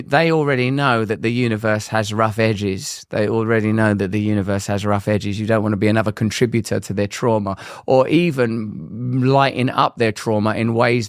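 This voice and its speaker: A man's voice: lowish voice, moderate pace, few pauses, dry recording, studio quality. An English man in his forties, a guest telling candid, rambling stories about recovery and faith. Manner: rambling, animated, acts out quoted voices.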